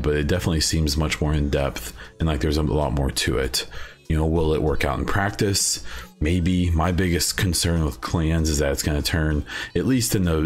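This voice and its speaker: A young man hosting a solo gaming podcast, talking casually and rambling with plenty of fillers and restarts. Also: rumbling low. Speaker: podcast host.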